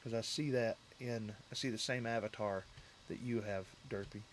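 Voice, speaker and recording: A man's voice: fairly low pitch, steady tone, normal speed, slight background noise. Rambling man chatting on a livestream. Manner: rambling, talks to chat viewers directly. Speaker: livestream host. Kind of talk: casual livestream chat.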